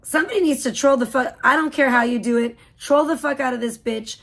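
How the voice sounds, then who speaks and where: A woman's voice: high-pitched, brisk, gravelly. A woman hosting a livestream, giving profane, mocking commentary. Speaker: livestream host. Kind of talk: live stream commentary.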